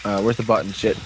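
A man in a casual podcast chat, rambling through an episode recap and dropping into quick voices for the characters. His pitch sits in the middle range. Faint noise runs under the recording. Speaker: podcast co-host.

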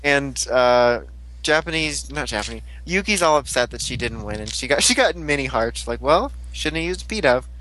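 A man's voice: mid-range voice, animated, normal speed, pushed and bright, rough recording. A young man recapping a TV episode in casual chat, rambling, giggly and crude, often mimicking the characters. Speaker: podcast host recapping an episode.

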